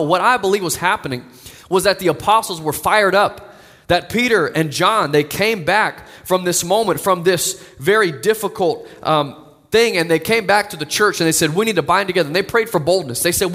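A man's voice: high-pitched, fairly bright tone. Earnest preaching man in an echoing hall. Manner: earnest, builds to emphatic declarations. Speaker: pastor. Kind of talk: sermon. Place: church sanctuary. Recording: long reverb of a church hall.

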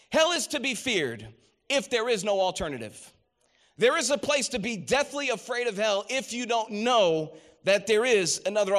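A man's voice: sits high, a bit bright. A middle-aged man preaching a sermon, telling stories with rising emphasis and quoting scripture.

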